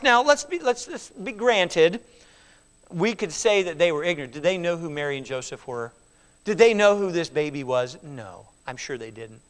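A man preaching a sermon, moving between loud emphatic calls and hushed near-whispers, acting out voices and repeating key words in a steady rhythm. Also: high voice, long reverb tail. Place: church.

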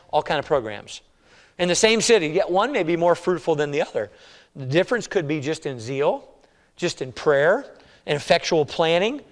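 Preaching man with a slightly high voice in a reverberant hall. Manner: conversational preaching with acted-out quotes. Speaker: pastor. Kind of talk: sermon.

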